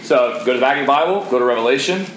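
A man preaching a sermon as pastor, animated and raising his voice for emphasis. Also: mid-range voice, rapid-fire, reverberant, slight background noise, rough recording.

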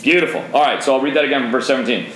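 A middle-aged man leading a men's Bible study in an intense, zealous way, shifting between soft asides and forceful readings. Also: medium pitch, rapid-fire. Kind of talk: teaching a Bible study to a group of men. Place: roomy room with a seated group. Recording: roomy echo, faint background noise.

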